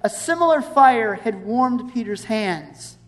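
A woman preaching a sermon in a conversational, animated way, reading verses and acting out scenes. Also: fairly high pitch, slow. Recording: long hall reverb.

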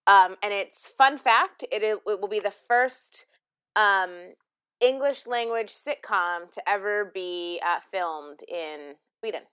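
A woman's voice: mid-range voice, takes it slowly, a bit bright, clean tone. A woman co-hosting a podcast in casual chat, blunt and matter-of-fact as she presents a news item.

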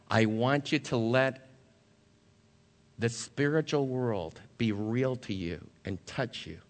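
A man's voice: mid-range voice, animated, slow pace, long pauses, in a large hall. A male pastor preaching a sermon, earnest, reading scripture aloud to his congregation. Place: church sanctuary.

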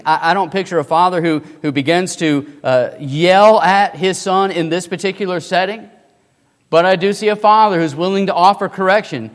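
Male pastor, high voice, preaching with rhetorical questions, long hall echo. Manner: rhetorical questions, swinging between quiet and loud. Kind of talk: sermon.

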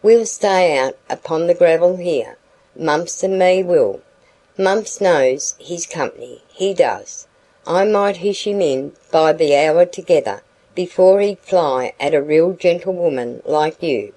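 Woman doing a sly flattering young peddler. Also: fairly low pitch, slow, heavily acted, poor audio. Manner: rustic dialect, wheedling flattery.

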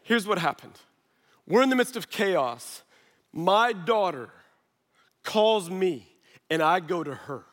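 A man in his thirties, a pastor preaching a sermon through an animated personal story full of quick asides. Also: high voice. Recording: long hall reverb.

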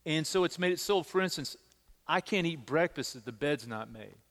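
In a sermon recorded with big-room acoustics, a middle-aged pastor speaks at a moderate pace in a slightly high voice. He recounts personal stories energetically, repeating words as he emphasizes them.

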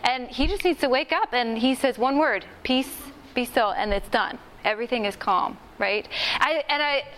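A woman's voice: on the high side, moderate pace, fairly bright tone, slight background noise. A woman leading a Bible study training session, talking conversationally to a group and acting out quoted lines. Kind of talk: workshop teaching. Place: meeting room with a group.

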